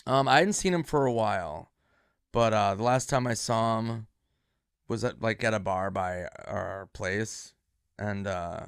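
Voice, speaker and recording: A man in casual storytelling, animated and acting out the voices of people he quotes. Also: fairly low pitch, a little slow, clean tone, no room sound, clean studio sound. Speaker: comedian guest.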